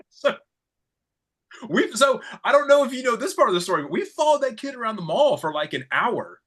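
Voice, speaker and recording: Bright-voiced animated male podcast storyteller. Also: very high-pitched, quick pace. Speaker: podcast co-host. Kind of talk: casual chat.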